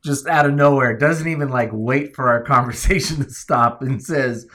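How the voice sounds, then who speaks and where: Male podcast co-host, casual, animated storyteller who laughs through his jokes. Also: mid-range voice, moderate pace. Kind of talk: casual chat.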